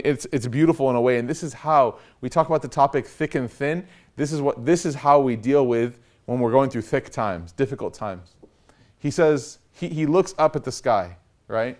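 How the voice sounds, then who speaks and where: A young man giving an Islamic lecture, telling a story with animated, casual emphasis and rising urgency. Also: a little high. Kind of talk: lecture sermon.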